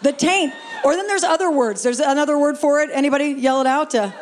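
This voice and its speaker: A woman's voice: sits high, fast, some chatter behind. A woman doing a stand-up comedy set in a live venue, brash and playful, swearing freely and bantering with the audience on a stage mic. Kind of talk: stand-up set, crowd work.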